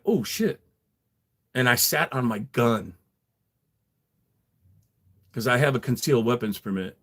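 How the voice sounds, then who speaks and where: A man's voice: mid-range voice, a bit bright. A middle-aged man telling a story on a livestream, rambling and profane, chuckling as he goes. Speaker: livestream host. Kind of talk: casual storytelling.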